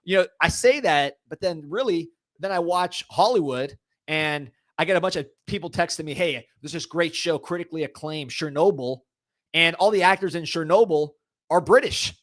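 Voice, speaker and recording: A man's voice: a little high, moderate pace, a bit bright, no echo, clean studio sound. A man in his thirties co-hosting a casual sports podcast, talking in a joking, rambling way and laughing often. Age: 30s or older. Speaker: podcast co-host.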